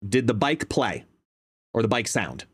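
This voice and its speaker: A man hosts a live stream in casual chat, his voice sitting at an ordinary middle pitch. He talks into a desk microphone at a home gaming setup and explains as he goes, dropping quiet and then getting louder. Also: big pitch swings, unhurried, slightly rough. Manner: chatty, explains while testing his mic, shifts between quiet and loud. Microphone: desk microphone, no headphones.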